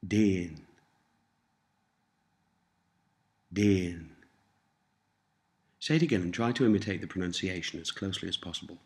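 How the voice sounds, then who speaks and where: A man teaching a language lesson, saying each word slowly and repeating it for listeners to copy. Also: deep voice, lively intonation. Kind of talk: slow scripted language lesson.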